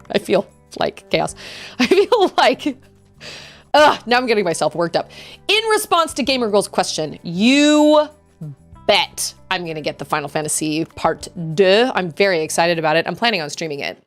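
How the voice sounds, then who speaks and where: A woman's voice: mid-range voice, big pitch swings, moderate pace, faint music behind. A woman streaming a game, ranting in casual chat and mocking others in sing-song voices.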